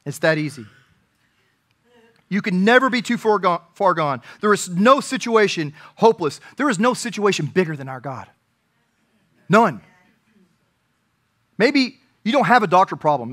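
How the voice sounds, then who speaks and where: Earnest higher-voiced preaching man. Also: expressive, moderate pace, pauses often. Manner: earnest preaching, rising to emphatic peaks and dropping to quiet asides. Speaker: pastor. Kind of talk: sermon.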